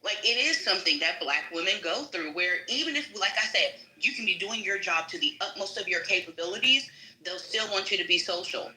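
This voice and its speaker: A woman's voice: a little fast, reverberant, low-quality recording. A woman telling work stories casually on a live panel from her home kitchen, mimicking the people she quotes and swearing freely. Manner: animated, acts out quoted people in a higher voice. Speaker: panel speaker. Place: home kitchen, cooking while talking.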